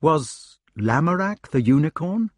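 A man's voice: fairly high pitch, big pitch swings, a little slow, breathy edge, no echo, clean studio sound, voice pushed up, full character voice. A man voicing an aging king who is agitated and full of remorse, speaking in urgent, pleading bursts. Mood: gentle.

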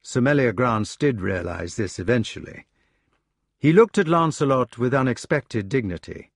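Here a man narrates a novel as an audiobook, giving the scripted story an expressive telling. He speaks at a moderate pace with lively intonation in a mid-range voice, and the studio-quality recording has no echo.

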